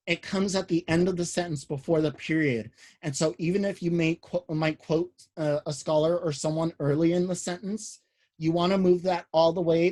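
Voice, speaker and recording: A man teaching a college writing class online, explaining citation rules in a casual, halting way with many fillers and restarts. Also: on the high side, a little mellow.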